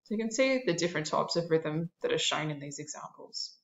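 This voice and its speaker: A woman's voice: sits low, lively intonation, fairly quick, echoey room, highs cut off. A woman art teacher narrating a classroom lesson, explaining terms and listing examples with a few fillers.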